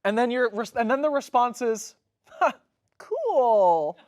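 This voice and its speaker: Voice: medium pitch, brisk, no echo, studio quality. A co-host in a casual movie-review chat, talking playfully and laughing often. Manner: playful, expressive, laughs a lot. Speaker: podcast co-host.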